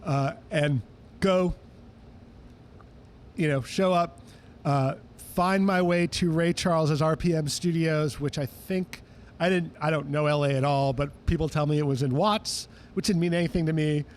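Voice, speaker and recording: Male guest, music historian, high voice, animated anecdote-teller. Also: unhurried, slight background noise. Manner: animated, acts out quoted voices. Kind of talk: casual interview storytelling.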